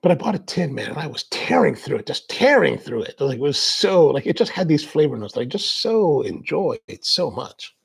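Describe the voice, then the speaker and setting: Gravelly guy rambling on a coffee stream, lots of "like", kinda husky. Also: a little high, big pitch swings, moderate pace, few pauses. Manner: rambling and chatty, full of "like". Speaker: coffee show host. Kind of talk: casual livestream chat answering viewer comments.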